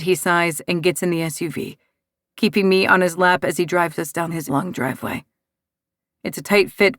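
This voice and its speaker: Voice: medium pitch, fairly bright tone, no room sound, clean studio sound. An audiobook narrator giving emotive first-person romance narration.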